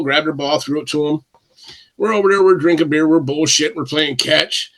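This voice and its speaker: A man with a slightly raised speaking pitch tells long, rambling anecdotes in a casual podcast chat. He slips into the other people's lines as he goes. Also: fairly even intonation, fairly quick, a bit bright. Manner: rambling anecdotal, acts out quotes. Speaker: wrestler guest. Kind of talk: casual storytelling.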